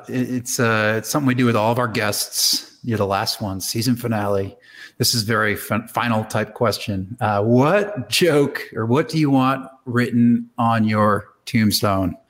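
A man hosting a podcast, asking questions in a halting, hesitant way. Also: on the low side, fairly bright tone. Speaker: podcast host. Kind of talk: casual interview.

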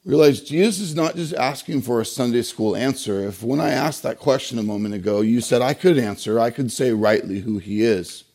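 A male pastor delivering a sermon in a mellow, darker voice. He leans on key words and poses rhetorical questions to the congregation, pausing to let them land. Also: medium pitch. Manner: emphatic preaching with rhetorical questions and pauses.

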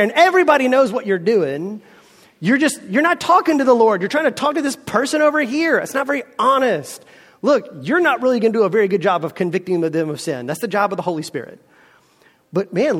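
A man preaching a sermon as a pastor, in a conversational, lively way that talks straight to the listeners. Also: high voice. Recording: long reverb in a large hall.

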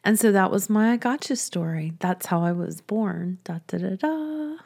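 A woman telling a personal story in a chatty, soft-spoken way, often laughing between sentences. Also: mid-range voice, animated, moderate pace, vocal fry. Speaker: business coach and podcast host.

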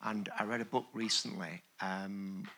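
An earnest man in a church congregation adds his thoughts to a discussion. His voice is low but sharp and bright in tone. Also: steady tone, a little slow. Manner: earnest, affirming. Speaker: congregation member. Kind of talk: group discussion.

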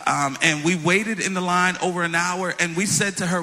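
Bright-voiced preacher man telling a story. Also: high voice, fairly even intonation, moderate pace, hardly any pauses. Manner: storytelling, addresses audience as y'all. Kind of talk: sermon. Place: in front of a congregation.

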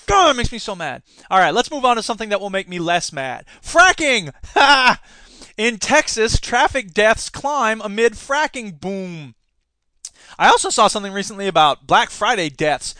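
A man's voice: high-pitched, pushed and bright, no room sound. A man hosting a casual political podcast, sarcastic and indignant, laughing at his own jokes as he rants. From Wisconsin. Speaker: podcast host; teacher union member.

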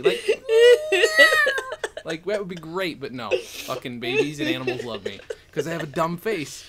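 A woman hosting a podcast in casual chat, animated and laughing, swearing freely. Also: medium pitch, measured pace, long pauses, crowd noise.

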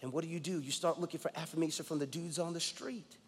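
Man in his forties, from New York, guest pastor, emphatic storytelling sermon, slightly high husky voice, long reverb of a church hall. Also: fairly even intonation, brisk. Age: 40s.

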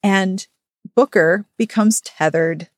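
A woman's voice: mid-range voice, takes it slowly, dry recording, studio quality. A woman hosting a podcast, frankly and animatedly recapping a novel in casual chat. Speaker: podcast host.

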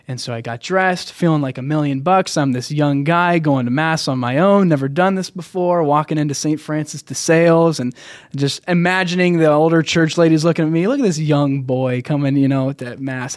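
A man's voice: a little high, dry recording, studio quality. A young American man telling his personal faith story as a podcast guest, earnest and rambling, with many restarts.

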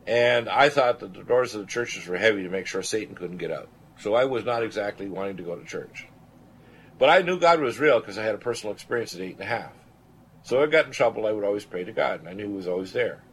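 A man's voice: fairly low pitch, fast talker, breathy edge. Older man telling a story with conviction. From Canada. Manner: earnest, animated testimony, quoting others. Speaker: radio show host. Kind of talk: storytelling on a talk show.

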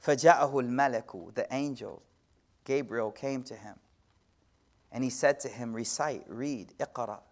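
A man giving a sermon-style lecture as an Islamic teacher, swinging from hushed to loud, with slangy asides and rapid Arabic recitation. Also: mid-range voice. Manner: slangy, addresses audience directly.

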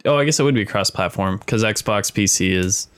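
A man's voice: fairly low pitch, normal speed, clean tone. A man co-hosting a podcast, giving short, laid-back replies. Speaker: podcast co-host. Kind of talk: casual chat.

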